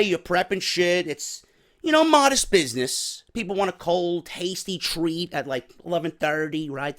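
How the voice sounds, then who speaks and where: A man giving a rambling, profane comedic rant as a vlogger. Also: high voice. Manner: rambling, swearing, animated. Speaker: wrestling vlogger.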